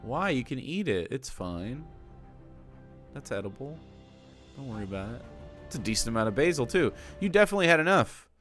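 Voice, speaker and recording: A man's voice: medium pitch, sing-song, a little fast, long pauses, a bit bright, soft background music. A man streaming, reacting to a cooking video in casual, profane commentary that keeps tipping into exasperated ranting.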